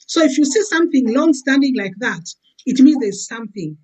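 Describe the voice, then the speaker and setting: Sex: woman. Role: guest giving a testimony. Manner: chatty, many fillers. Pitch: somewhat high. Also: animated, a little fast, husky, poor audio. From Zambia. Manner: warm, filler-heavy, keeps saying "you know". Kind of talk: testimonial chat.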